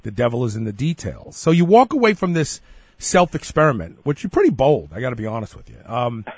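Husky radio host with a lively voice. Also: male voice, mid-range voice, a little fast, dry recording. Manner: conversational, prompting questions. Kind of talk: radio interview.

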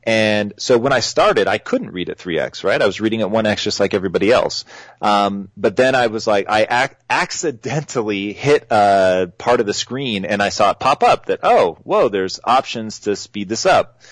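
A man's voice: fairly low pitch, expressive, moderate pace, no echo, low-quality recording. A man as an interview guest, explaining his ideas reflectively with everyday examples. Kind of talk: casual interview talk.

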